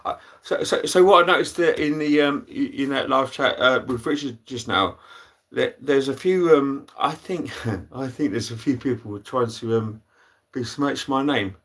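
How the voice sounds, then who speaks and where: A British man hosting a casual livestream, reading out chat comments in a halting, rambling way full of fillers and restarts, with dry deadpan asides. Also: medium pitch. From Britain.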